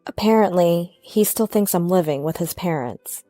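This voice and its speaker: Female narrator for a first-person story, steady and scripted, faint music bed. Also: lowish voice, normal speed, dry recording.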